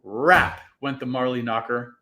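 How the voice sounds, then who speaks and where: A man reading a storybook aloud in a live reading, with an expressive, dramatic delivery. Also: medium pitch, unhurried.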